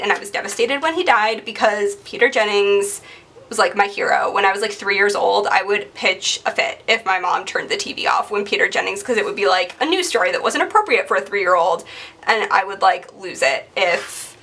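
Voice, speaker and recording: A young woman in her twenties rambling in a loose, chatty way, sprinkling in fillers as she works at her desk. Her voice is bright and a little gravelly. It sits slightly back from the mic. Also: medium pitch, distant mic, a little hiss or hum. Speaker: planner vlogger. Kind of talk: casual chatty narration over crafting.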